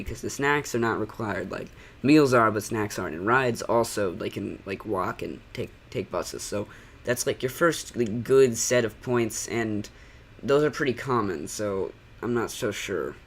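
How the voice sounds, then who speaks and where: A man with a voice of ordinary middle pitch delivers loose, sarcastic commentary. He rambles, restarts his points and leans heavily on "like" while he mocks what he is watching. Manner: sarcastic, rambling, heavy use of "like". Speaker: channel critic.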